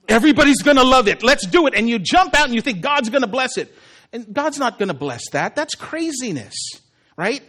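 A male pastor preaching a sermon with animated, humorous storytelling. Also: very high voice.

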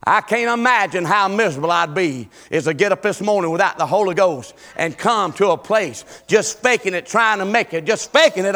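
A middle-aged man preaching a sermon, swinging between shouted peaks and low, quiet passages. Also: a little fast, hardly any pauses. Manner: shouting, rising and falling Southern preaching cadence.

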